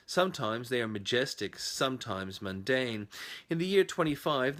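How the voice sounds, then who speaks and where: A man's voice: mid-range voice, fairly bright tone. A man reading a scripted history narration, moving through dates with dry, wry asides.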